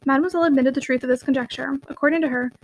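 A woman reading a classic novel aloud as an audiobook narrator, with steady, expressive storytelling. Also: sits high, racing, a little hiss or hum, rough recording.

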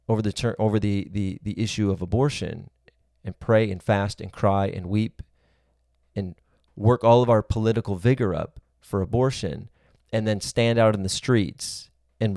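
A man's voice: lowish voice, dark tone, no echo, studio quality. A man giving a sermon-style teaching, earnest and reasoning aloud, building his points in long spoken lists.

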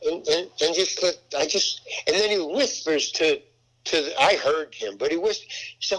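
An older male actor and comedian spins a long, rambling anecdote full of restarts, acting out the voices of the people he quotes. His voice is on the high side with big pitch swings, a fairly bright tone and normal speed, but the audio quality is poor.

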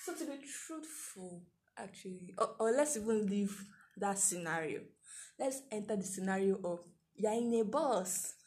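A young Nigerian woman with a Nigerian accent, co-hosting a casual chat with animated, laughing exclamations. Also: mid-range voice, normal speed. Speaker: podcast co-host.

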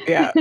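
A woman hosting a live stream, chatting casually, laughing often and reading out comments from chat. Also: high voice. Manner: giggly, relaxed, reads chat comments. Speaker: stream host.

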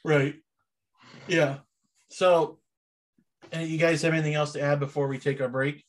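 A man's voice: a little high, little pitch movement, unhurried. A man hosting a podcast in casual chat, easygoing and rambling with hesitant fillers. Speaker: podcast host.

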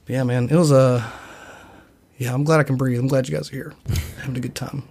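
A man's voice: medium pitch, fairly even intonation, fairly quick, gravelly, a little mellow. A young man in casual podcast chat, telling a long, profane, rambling story and acting out other people's lines. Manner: acts out other people's voices in quotes.

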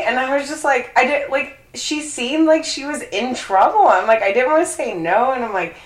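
A woman's voice: fairly high pitch, moderate pace, hardly any pauses. A young woman telling a story in casual chat, swearing and laughing often. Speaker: co-host. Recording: echoey room.

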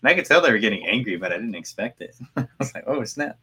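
A man's voice: fairly low pitch, sing-song, very fast, pushed and bright, slightly rough. A young man in casual chat, laughing as he retells a phone call and acts out the voices. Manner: laughing, quotes callers in put-on voices. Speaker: podcast co-host.

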